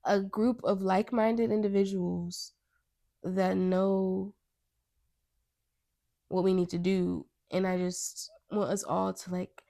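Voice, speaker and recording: A young American woman talks alone into her podcast mic in a loose, earnest ramble and keeps stopping to rephrase herself. Her voice sits at an ordinary pitch with plenty of gravelly vocal fry. The sound is close and dry, with no room around it. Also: mellow, no room sound. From United States. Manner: rambling, self-interrupting, earnest. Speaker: podcast host. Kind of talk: casual podcast monologue.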